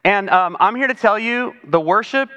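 A man's voice: sits high, expressive, moderate pace, pushed and bright, clean tone. A man preaching a chatty, conversational sermon as pastor, often acting out other people's voices. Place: church sanctuary.

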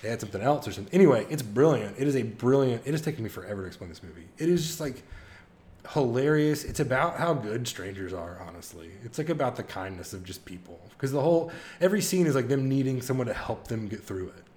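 Brief: male co-host, mid-pitched, animated storyteller, casual chat. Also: fast. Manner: excited storytelling with laughs and impressions. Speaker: podcast co-host.

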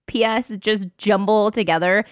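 A woman hosting a casual chat podcast, bubbly and quick to laugh as she reads out social media posts. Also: mid-range voice, fairly even intonation, no room sound, clean studio sound. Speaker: podcast host.

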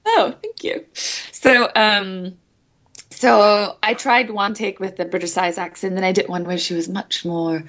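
A woman from Singapore, a voice actress, chatting in an interview, animated and laughing often, slipping between accents. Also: mid-range voice, a little slow, muffled recording. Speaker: guest voice actress. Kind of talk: casual interview chat.

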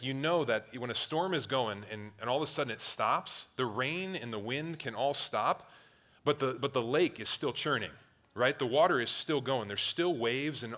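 A man in his thirties from Ohio preaching a sermon, animated, swinging between loud outbursts and hushed asides. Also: medium pitch. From Ohio, near Cleveland. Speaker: pastor.

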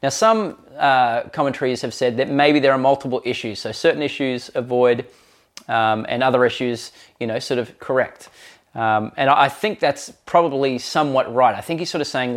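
A man delivers a sermon in an earnest, conversational way, with the occasional "uh" and "um" between points. His voice sits at an ordinary middle pitch for a man. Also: moderate pace. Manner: earnest, conversational preaching with fillers. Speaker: pastor.

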